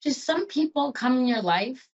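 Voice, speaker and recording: A woman's voice: sits high, lively intonation, normal speed, darkish tone, slightly rough, lo-fi sound. A woman hosting a psychic show, giving an emotional and chatty tarot reading.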